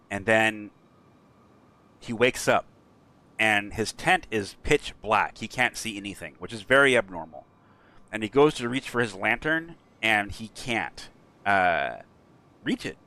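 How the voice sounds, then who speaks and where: A man streaming a game who rambles through a story in a casual way, with lots of fillers. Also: lowish voice. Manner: rambling, frequent fillers, animated.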